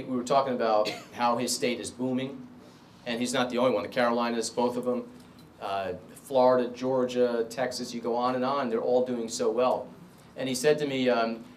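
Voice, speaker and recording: Speaking in a club meeting room, a middle-aged political candidate gives a forceful, repetitive stump speech and responds to questions. His voice is medium in pitch, and the recording carries a little hiss or hum.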